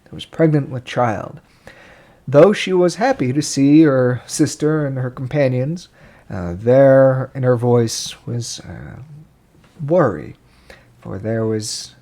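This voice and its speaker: A man narrating a tabletop game as game master, slow and measured with pauses. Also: mid-range voice, darkish tone.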